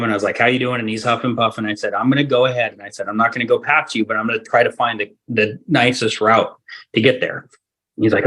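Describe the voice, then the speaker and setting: A man from Alaska, a hunting guide, telling a lively story as a podcast guest, laughing often and acting out what people said. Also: lowish voice. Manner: animated storyteller, laughs often, acts out quoted dialogue.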